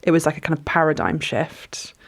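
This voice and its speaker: A woman's voice: low-pitched, expressive, fairly quick, vocal fry. A woman, speaking as an author guest in a reflective, thoughtful way with frequent hesitations. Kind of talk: conversational interview.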